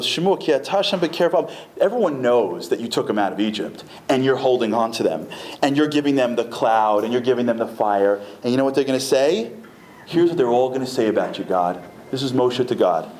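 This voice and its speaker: A man giving a comic, fast-moving religious lecture, acting out the voices of the people in his stories. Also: medium pitch, a little mellow. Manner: comic, acts out quoted voices, rapid storytelling. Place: packed synagogue hall. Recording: echoey hall with faint room noise.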